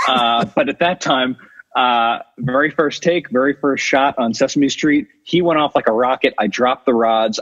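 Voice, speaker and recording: Husky young man telling a funny story. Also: mid-range voice, dull audio. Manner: animated storyteller, laughs easily. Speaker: puppeteer mentee. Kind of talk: casual anecdote.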